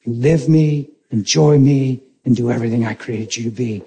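A man voicing God as a calm, fatherly male presence who speaks quietly and gently. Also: mid-range voice, moderate pace, vocal fry, slight background noise, voice pushed down, lightly acted. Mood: gentle firm.

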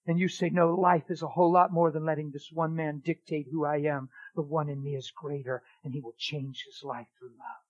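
A middle-aged man preaching, telling a testimony in a dramatic way that swings from loud exclaiming to a hushed near-whisper. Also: a little high, little pitch movement, normal speed, few pauses, dull audio. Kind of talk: sermon testimony storytelling.

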